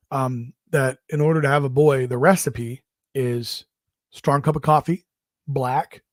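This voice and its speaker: Recorded dry with clean studio sound, a middle-aged man with a medium-pitched voice co-hosts a comedy podcast. He rambles through crude, profane stories about raising kids, complete with mocking impressions.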